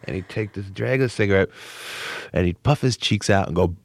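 A very low, gravelly male voice. He is a comedian from the New Jersey suburbs, rambling and excitable in an interview, and keeps tripping over restarts. The sound is dry and close. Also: fairly quick, no room sound. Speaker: comedian guest. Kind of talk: casual interview talk.

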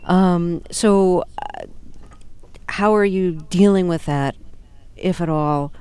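Female radio host, smooth crisp voice, dry studio. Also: on the low side, darkish tone, no echo. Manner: measured, curious questioning. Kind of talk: radio interview.

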